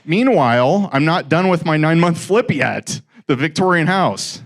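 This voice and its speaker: A man's voice: a little high, normal speed. A middle-aged man telling a story to a live audience about his first real estate deal, acting out the dialogue as he goes. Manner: animated, acts out quoted dialogue.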